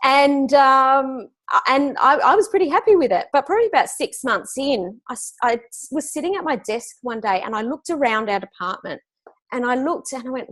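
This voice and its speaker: An Australian woman in her forties talks as an interview guest, upbeat and animated. Her voice sits a little on the high side. She coaches business owners and tells stories easily. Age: 40s. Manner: upbeat, animated storytelling with frequent laughs. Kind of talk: conversational interview.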